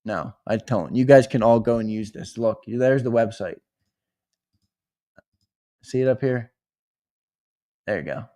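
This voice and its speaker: A man's voice: medium pitch, unhurried, long pauses, dry recording. Young man, live-stream host, casual banter, teasing, dry close sound. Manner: lively, teasing, talks straight to chat with "brother".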